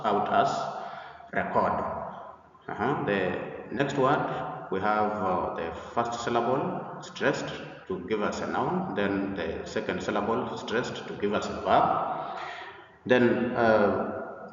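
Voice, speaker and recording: A man teaching an English pronunciation lesson, explaining deliberately and repeating himself, with frequent hesitant pauses. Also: on the low side, a bit bright. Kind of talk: slide-based pronunciation lesson. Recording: echoey room, far from the mic, dull sound.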